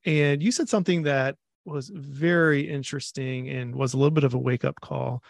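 Man, Ohio accent, chatty, gravelly, dry recording. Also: mid-range voice, steady tone, normal speed, no echo. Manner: chatty, laughs easily. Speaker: podcast co-host. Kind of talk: podcast interview.

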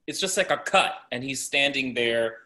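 Bright-voiced joking male cohost. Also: mid-range voice, expressive. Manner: jokey, chimes in with quick asides. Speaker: podcast co-host. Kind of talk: casual movie recap chat.

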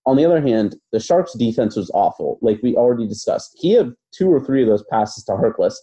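A man's voice: mid-range voice, sing-song, brisk, mellow. A man co-hosting a basketball podcast, talking through his views in a casual, thoughtful way with many fillers and hedges. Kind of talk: casual analytical chat.

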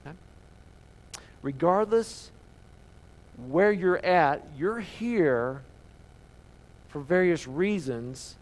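A man's voice: fairly high pitch, lively intonation, slow, creaky, pauses often. A male pastor preaching a sermon to a congregation, reading scripture dramatically and then talking conversationally. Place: church sanctuary.

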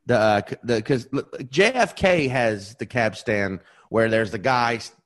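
A man's voice: mid-range voice, a little slow, a bit bright. A man chatting casually on a podcast, telling a story with frequent restarts. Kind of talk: casual chat.

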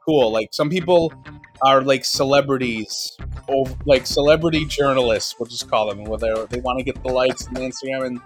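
A man's voice: medium pitch, moderate pace, soft background music. A man co-hosting a podcast, talking bluntly and casually with plenty of swearing and restarts. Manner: blunt, profane, rambling with restarts. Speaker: podcast co-host. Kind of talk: casual chat.

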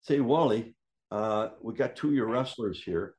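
A man with a fairly low voice spins a casual story, animated and quick to act out other people's lines. His voice leaps up high whenever he quotes someone, then settles back into an easy, conversational telling. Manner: animated, acts out quoted voices with big pitch jumps. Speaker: storyteller guest.

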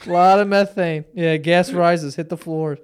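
A young man hosts a loose, crude podcast chat and laughs often through his stories. His voice sits a little high and sounds smooth and clear. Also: fairly even intonation, normal speed. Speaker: podcast host. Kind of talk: crude casual banter.

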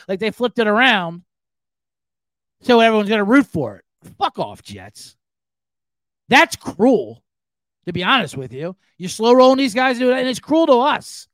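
Man, podcast host; high, lively voice, casual swearing rant. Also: moderate pace, no echo. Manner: animated, profane, ranting.

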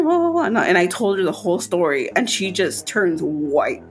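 A woman podcast host telling a personal spooky story in casual chat, her voice jumping high when she quotes herself. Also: lively intonation, normal speed, hardly any pauses, soft background music.

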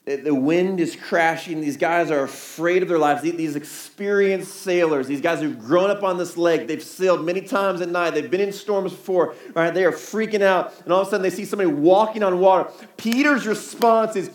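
A man's voice: sits high, normal speed, hardly any pauses, echoey room. A man preaching a sermon in a conversational way, asking the crowd rhetorical questions. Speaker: pastor. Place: church hall.

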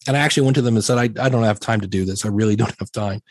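Candid middle-aged man, husky voice. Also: fairly low pitch, very fast, no room sound, studio quality. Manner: candid, self-deprecating storyteller with many restarts. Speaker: podcast guest. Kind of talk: casual interview chat.

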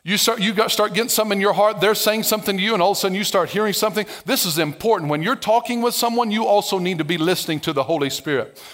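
A man preaching a lively, conversational sermon as a pastor, acting out biblical dialogue with playful sarcasm and humor. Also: high-pitched, rapid-fire, few pauses.

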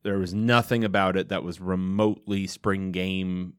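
A man's voice: low voice, steady tone, normal speed, clean tone. A man in his thirties co-hosting a podcast in a studio, with dry, wry humor. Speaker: podcast co-host. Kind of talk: casual podcast chat.

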